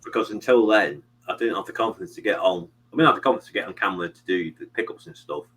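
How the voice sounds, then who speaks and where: Deep-voiced rambling British man. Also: very fast, fairly bright tone, breathy edge, rough recording. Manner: rambling, many fillers and "you know what I mean". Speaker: live stream host. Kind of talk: casual chat.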